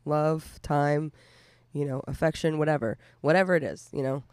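Smooth, mellow, even-toned man. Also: on the high side, normal speed, no room sound, clean studio sound. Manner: affirming listener, lists ideas in short phrases. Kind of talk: casual faith discussion.

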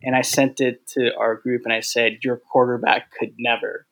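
A man's voice: medium pitch, flat delivery, fairly bright tone, rough recording. A man who is a guest on a podcast, easygoing and teasing in casual chat. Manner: easygoing, teasing, quick agreements.

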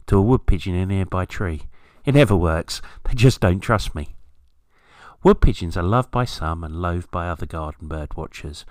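A British man with a low voice narrates a scripted podcast about garden birds, recorded with no room sound. His delivery is wry and storytelling, sprinkled with playful asides.

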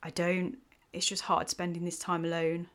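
A woman's voice: fairly low pitch, monotone, normal speed, a bit bright. A woman voicing a young woman in a storybook romance, exasperated at first and sad underneath. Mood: weary. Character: young woman, frustrated then tender.

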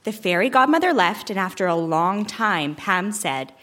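A woman's voice: mid-range voice, animated, normal speed, fairly bright tone. A woman reading her own childhood story aloud on a theater stage, mock-earnest and laughing as she goes.

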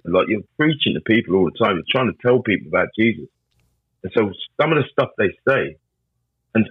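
A man who pastors and sings gospel, talking in a relaxed but insistent way and often asking "you know what I'm saying". His voice is husky. The sound is dry and a little muffled. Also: on the low side, no room sound. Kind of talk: casual conversation.

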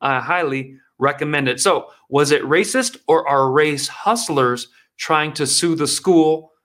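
A man's voice: fairly high pitch, measured pace, fairly bright tone. A man hosting an online commentary show, reacting to news clips in a sarcastic, emphatic way and talking straight to his viewers.

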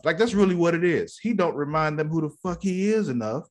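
A man's voice: a little high, fairly quick. A man co-hosting a casual chat about a TV episode, swearing freely and acting out characters. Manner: profane, animated, acts out characters in quotes. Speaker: podcast co-host.

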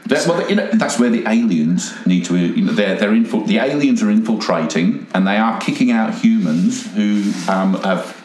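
An Australian man co-hosting a comedy podcast, joking in a deadpan way and slipping into silly voices. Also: lowish voice, normal speed, few pauses, echoey room, poor audio. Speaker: podcast co-host. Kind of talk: casual comedy chat.

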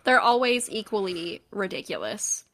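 A woman's voice: medium pitch, big pitch swings, normal speed, fairly bright tone. A young woman co-hosting a casual podcast, chatty and filling her talk with "like". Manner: chatty, peppered with "like". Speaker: podcast co-host.

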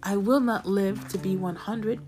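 A woman's voice: medium pitch, steady tone, a little slow, music in the background, natural voice. A woman voicing a fretful aunt near eighty. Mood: anxious. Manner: worried, insistent, downcast. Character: anxious elderly woman, nearly eighty, fearful about money.

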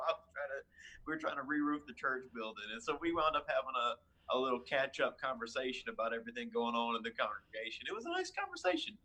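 Husky, bright-voiced young minister man. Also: medium pitch, fast. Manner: chatty, animated retelling with fillers and restarts. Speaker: youth minister. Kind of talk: casual storytelling.

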